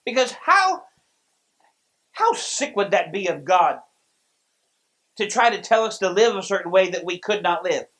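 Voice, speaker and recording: A man preaching a sermon as pastor, telling stories with lively delivery and frequent restarts. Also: high voice, measured pace, long pauses, rough recording. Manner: storytelling, lively, many restarts.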